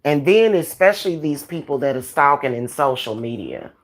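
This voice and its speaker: A woman's voice: low voice, animated, moderate pace, no echo. A woman vlogger ranting casually at home, blunt and profane, repeating phrases for emphasis. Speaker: spiritual reader and vlogger.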